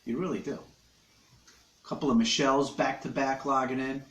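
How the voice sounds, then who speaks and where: A man's voice: medium pitch, steady tone, moderate pace, echoey room. Rambling joking man eating on a live stream. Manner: joking, crude, eating while he talks. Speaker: livestream host. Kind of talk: rambling casual live chat. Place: his living room at home.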